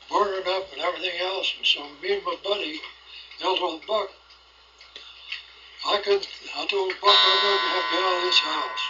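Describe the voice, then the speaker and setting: A man's voice: high-pitched, bright, forceful tone, slight background noise. An older man telling rambling stories from his own life in plain rural speech, recorded at home. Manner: rambling folksy storytelling with rural grammar. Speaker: storyteller. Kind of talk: recorded oral history. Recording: lo-fi 1980s home cassette.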